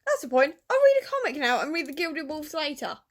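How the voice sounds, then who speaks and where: A young woman, a book vlogger, chatting casually and gushing excitably about films and reading, with self-mocking asides. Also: high-pitched, brisk. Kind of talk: casual chat.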